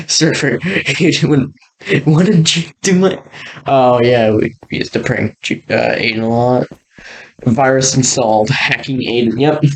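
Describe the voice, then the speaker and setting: A man's voice: medium pitch, slow pace, slight background noise. A man giving a casual, rambling walkthrough, laughing often and trailing off mid-sentence. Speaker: video creator touring an old game world.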